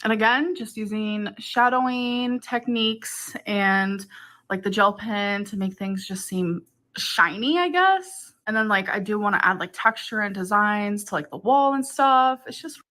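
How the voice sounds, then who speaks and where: A woman's voice: medium pitch, a little slow, bright, forceful tone. A woman talking through a shopping haul in a vlog, chatty and upbeat, with lots of "like". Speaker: vlogger.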